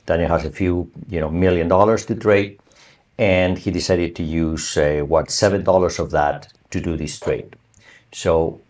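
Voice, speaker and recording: A man with a deep, low-pitched voice gives a university lecture. He talks in a loose, conversational way and keeps asking the class whether it is clear. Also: darkish tone. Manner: conversational, asks the class for confirmation. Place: online or recorded lecture.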